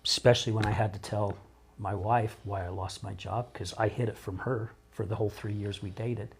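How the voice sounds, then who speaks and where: Middle-aged man, low voice, raw and open guest, circles back on his words. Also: fairly even intonation, normal speed, slight background noise. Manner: emotional, open, rambling with repeated starts. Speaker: podcast guest, recovery coach. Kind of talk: candid interview conversation.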